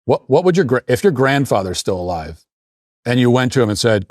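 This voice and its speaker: A man's voice: mid-range voice, sing-song, fast, darkish tone, dry recording, studio quality. A man hosting a show and delivering a blunt, emphatic opinion monologue in a lecturing tone. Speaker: political commentator hosting a show.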